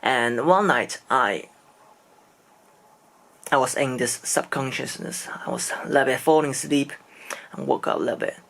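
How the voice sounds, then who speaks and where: A man's voice: medium pitch, moderate pace, vocal fry, long pauses, a bit bright. A man from China, speaking English and telling a personal story in a casual vlog, hesitant and searching for words. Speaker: vlogger.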